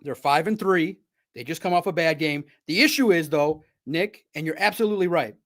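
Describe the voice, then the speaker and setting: A man with a high voice hosts a live sports stream from his home studio. He talks in a loose, excitable ramble and chats straight to his viewers. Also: a little fast.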